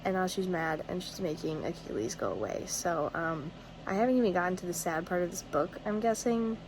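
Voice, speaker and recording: A woman's voice: fairly low pitch, animated, brisk, background noise. A young woman vlogging about a book in a casual video diary, rambling and gushing with lots of fillers and restarts.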